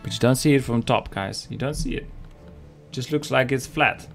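A man's voice: mid-range voice, moderate pace, gravelly, soft background music. A man casting a live strategy game match, joking and chatting with his viewers. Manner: joking, chatty, talks to the chat. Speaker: game caster. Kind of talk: live esports commentary.

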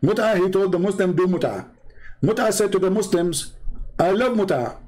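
A man's voice: sits high, expressive, normal speed, darkish tone, poor audio. A man giving sarcastic online commentary in a mocking tone, laughing now and then at his own jokes.

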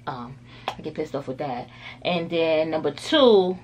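A woman's voice: sits low, expressive, measured pace, a little mellow, a little hiss or hum. A woman beauty vlogger chatting casually through a makeup tutorial, rambling with lots of filler words.

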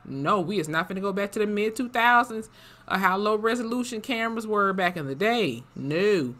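Bright, slangy, cursing reaction vlogger. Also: mid-range voice, normal speed. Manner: slangy, profane, animated and chatty. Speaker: YouTube reaction host. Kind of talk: casual reaction vlog.

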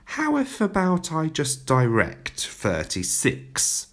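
A theatrical, melodramatic woman drama teacher, put on by a man reading aloud, all flourish and old-fashioned thees and thous. Her voice sits high and swoops with lively ups and downs in a storybook reading. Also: slow pace, heavily acted. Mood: hopeful.

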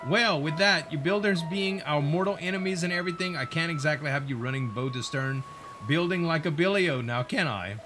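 A man's voice: fairly high pitch, brisk, lightly acted. A man voicing a cocky male skeleton pirate sailor in a put-on British pirate accent, teasing and swaggering. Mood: menacing banter. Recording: game music behind.

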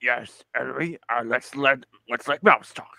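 A man chatting casually with friends. His voice is gravelly and bright, and he speaks haltingly, often starting over. The sound is dry and close. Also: mid-range voice, no echo. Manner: halting, with many restarts. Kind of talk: casual group chat.

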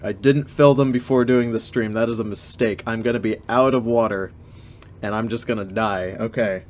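A man's voice: fairly low pitch, fairly even intonation, moderate pace, darkish tone, a little hiss or hum. A man streaming live, reading fan fiction aloud with joking, incredulous commentary and some swearing.

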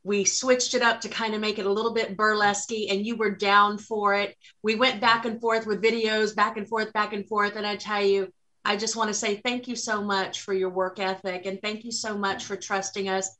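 A woman's voice: medium pitch, flat delivery, moderate pace, sharp tone, rough recording. A woman vocal coach gushing with praise and thanks for her singer. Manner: grateful, gushing.

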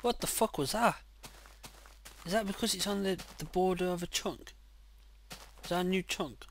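A man casually commenting on his own gameplay, excitable and quick to swear loudly when frustrated, speaking into a desk mic. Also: high-pitched, gravelly, slight background noise. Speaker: gaming channel host. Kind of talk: casual let's-play commentary.

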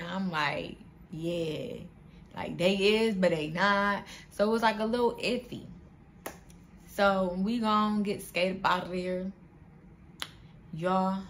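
A young woman vlogger telling a storytime to her viewers in an animated, slangy way, often calling them "y'all". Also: mid-range voice, takes it slowly, pauses often, slight background noise. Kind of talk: casual storytime vlog.

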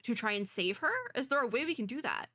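Bright excitable young woman streamer. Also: on the high side, quick pace, no room sound. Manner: excitable, talks back at the characters on screen. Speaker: VTuber. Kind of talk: playthrough commentary, reading story text aloud.

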